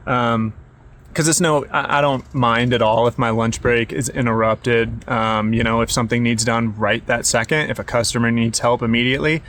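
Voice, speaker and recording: Male vlogger, weary and rambling, mid-pitched voice, faint noise in the background. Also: normal speed. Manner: relaxed, rambling with many fillers and restarts. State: tired. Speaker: work camper vlogger. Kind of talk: casual vlog narration.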